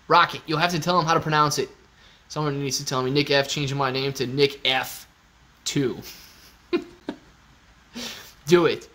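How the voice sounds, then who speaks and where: A man's voice: fairly high pitch, steady tone, moderate pace, long pauses, pushed and bright. A man hosting a casual livestream, joking around and answering viewers' comments by name. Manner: joking, loose, talks to chat by name. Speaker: livestream host. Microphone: phone used as webcam.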